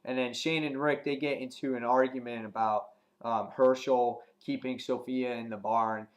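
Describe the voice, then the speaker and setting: A man giving a casual spoken review of a TV episode, rambling with many ums and restarts, and getting animated when he retells scenes. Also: medium pitch, moderate pace. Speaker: TV show reviewer.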